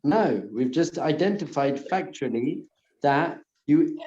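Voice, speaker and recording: A man, a rabbi, giving an earnest class to a live audience and softly repeating calming phrases. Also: mid-range voice, moderate pace. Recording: muffled, echoey room.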